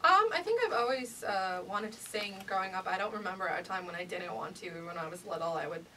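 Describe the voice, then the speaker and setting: A woman's voice: medium pitch, expressive, brisk, pushed and bright, recorded from a distance, slight background noise, low-quality recording. A young woman singer-songwriter, a guest on a radio show, talking casually and giggling, with lots of "like" and "you know". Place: radio studio.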